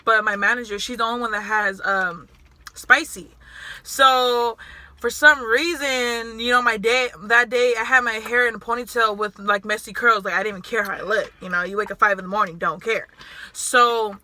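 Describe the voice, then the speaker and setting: Bright, high-pitched young woman chatting. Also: fairly even intonation, no room sound. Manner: chatty, quick to jump in, quotes customers. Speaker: guest and sandwich shop worker. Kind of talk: casual chat while eating.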